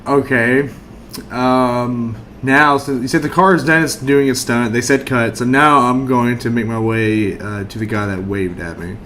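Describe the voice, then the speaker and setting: A man playing a tabletop role-playing game, brash and profane, bursting into shouts in character. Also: mid-range voice, steady tone, a little slow, a little hiss or hum. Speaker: player.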